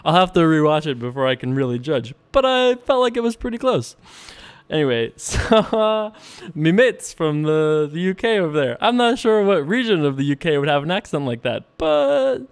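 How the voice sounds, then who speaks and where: Smooth-voiced American man talking poker. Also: a little high, big pitch swings, brisk. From United States. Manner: chatty, self-deprecating, thinks aloud. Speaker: poker vlogger. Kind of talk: casual poker commentary.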